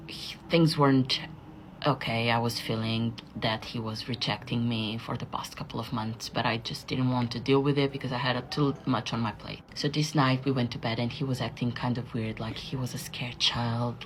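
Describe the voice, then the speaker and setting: A woman's voice: extremely low pitch, slight background noise. A woman telling a personal story candidly, slipping into whispers at times. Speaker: interviewee. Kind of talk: casual storytelling.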